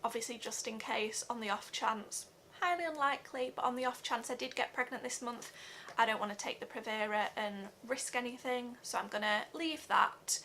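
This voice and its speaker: A young woman giving an earnest personal vlog update, talking haltingly with many fillers. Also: a little high, pushed and bright, a little hiss or hum. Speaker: vlogger.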